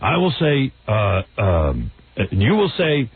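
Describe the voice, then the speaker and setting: A man's voice: medium pitch, huge pitch swings, slow pace, slightly rough. A man hosting a radio show, trading jokes and telling stories in casual banter, laughing often. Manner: joking, storytelling, laughs often. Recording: narrow phone-like radio broadcast.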